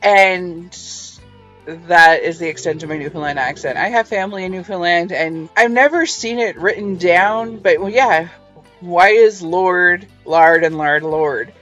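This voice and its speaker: A woman's voice: fairly low pitch, moderate pace, fairly bright tone, highs cut off, faint music behind. A woman hosting a casual book review, musing over passages with wry, chatty asides. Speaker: book reviewer and podcast host.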